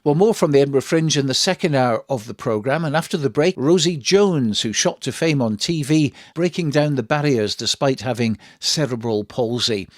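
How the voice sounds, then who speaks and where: A man's voice: medium pitch, moderate pace, hardly any pauses, dry recording, clean studio sound. A man hosting a radio programme, asking his guest questions and introducing the next segment. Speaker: radio host. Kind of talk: radio interview and links.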